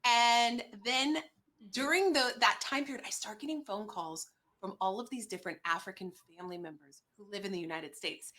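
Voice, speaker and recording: A woman guesting on a talk show tells a personal story animatedly, acting out the voices of the people in it. Her voice is medium-pitched at a normal speed.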